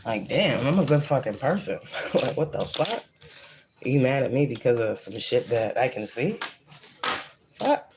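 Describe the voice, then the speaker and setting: A woman's voice: very deep voice, expressive, moderate pace, noisy background. A woman giving a casual psychic reading, blunt and profane, who repeats phrases for emphasis. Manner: blunt and profane, rambling, preachy. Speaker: psychic reader. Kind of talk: casual channeled spiritual reading.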